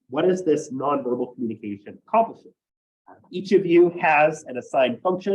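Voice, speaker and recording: Lively, fairly high-voiced male instructor. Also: muffled recording. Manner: explanatory, often tags sentences with "right?". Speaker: college instructor. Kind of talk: classroom lecture.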